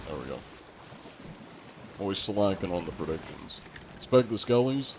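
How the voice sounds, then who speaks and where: A man's voice: sits low, expressive, normal speed, noisy background. A man streaming a game live, chatting casually, reading viewer messages aloud and laughing often.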